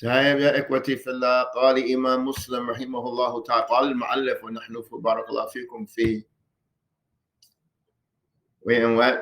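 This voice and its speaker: A man's voice: medium pitch, monotone, racing, pauses often, fairly bright tone. A man giving a religious lesson in a mosque, firing rhetorical questions at his listeners and repeating phrases for emphasis. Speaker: religious teacher. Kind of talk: classroom-style religious lesson. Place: mosque hall.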